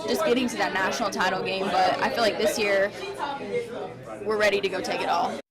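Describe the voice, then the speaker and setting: Young woman athlete, determined, big loud crowd all around. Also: medium pitch, fairly even intonation, brisk. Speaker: college basketball player. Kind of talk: interview soundbite. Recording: loud crowd noise in a large hall.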